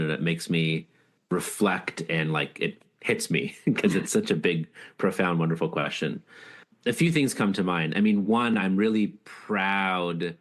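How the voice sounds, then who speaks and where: A man talking as an interview guest, an author and leadership speaker who tells stories in an earnest, reflective, heartfelt way. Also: low voice. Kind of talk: casual interview storytelling.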